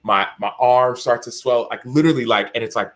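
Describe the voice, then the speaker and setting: A man's voice: mid-range voice, brisk, a bit bright. A man in his thirties, a podcast guest and author, telling stories animatedly in a casual interview, acting out quotes with many restarts.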